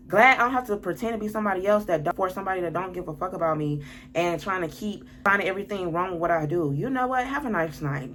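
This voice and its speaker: A woman's voice: mid-range voice, fairly bright tone, a little hiss or hum. A woman telling a storytime vlog, reading text messages aloud, blunt and exasperated, swearing often. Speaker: lifestyle vlogger.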